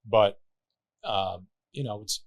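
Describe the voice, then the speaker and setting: A Lebanese man with a very deep voice speaks slowly as a podcast guest, telling stories in an animated, loose way with casual swearing. His voice is recorded dry and close, with no room sound.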